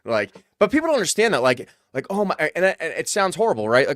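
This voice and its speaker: A man hosts a podcast and talks quickly in a mid-range voice. He thinks out loud with frequent restarts. The sound is dry and close, with no room in it. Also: a little high, big pitch swings, no echo. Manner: fast, restarting, reflective. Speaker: podcast host. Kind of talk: casual interview chat.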